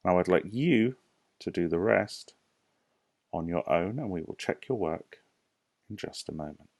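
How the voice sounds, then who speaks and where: A man with a British accent, a primary school teacher giving a recorded lesson to young children, explaining slowly and patiently with questions to the class. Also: sits low, lively intonation, darkish tone, no room sound. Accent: British English. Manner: slow, clear, patient explaining with rhetorical questions.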